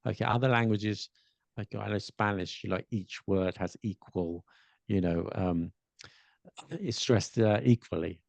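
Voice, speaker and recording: A man's voice: on the low side, measured pace, creaky, dry recording, dull audio. A man co-hosting a podcast, explaining pronunciation tips in casual chat, thinking aloud with many restarts and demonstrating examples aloud. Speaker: podcast co-host.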